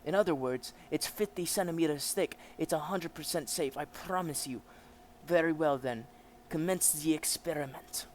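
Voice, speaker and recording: A man's voice: fairly high pitch, normal speed, slight background noise, voice pushed up, natural voice. A man voicing a stiff scientist with a put-on German accent, explaining formally.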